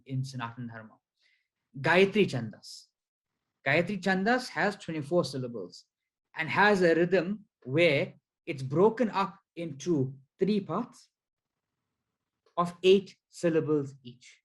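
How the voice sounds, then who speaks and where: A man giving a spiritual lecture over slides, explaining slowly and deliberately with frequent fillers. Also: a little high, low-quality recording. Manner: counts syllables aloud one by one. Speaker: spiritual teacher.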